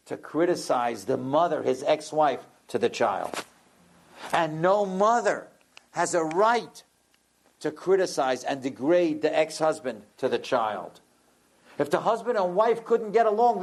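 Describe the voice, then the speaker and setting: Man, rabbi lecturing, dramatic storyteller, lively swooping pitch, fairly high voice. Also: vocal fry. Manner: dramatic storyteller who acts out characters.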